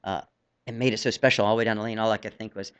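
A man's voice: lowish voice, fairly even intonation, rapid-fire, fairly bright tone, clear, resonant tone, muffled recording. Chatty rambling jockey, middle-aged man. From New Jersey. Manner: rambling, chatty, laughs often. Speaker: jockey guest. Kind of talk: casual radio interview.

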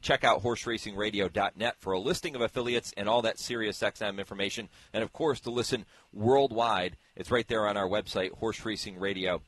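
A man hosting a horse racing radio show, telling relaxed stories from the stable area in a chatty way. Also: on the low side, brisk, hardly any pauses, no echo. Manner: chatty storyteller, relaxed anecdotes.

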